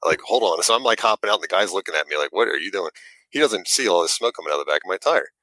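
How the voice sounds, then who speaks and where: A man, a guest who makes models, telling an animated story in casual chat and acting out the quotes with little stammers. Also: deep voice, rapid-fire, no room sound, rough recording.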